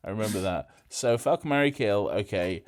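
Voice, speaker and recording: Podcast co-host, man, lowish voice, deadpan and foul-mouthed in casual chat. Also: normal speed. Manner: crude, deadpan banter with heavy swearing.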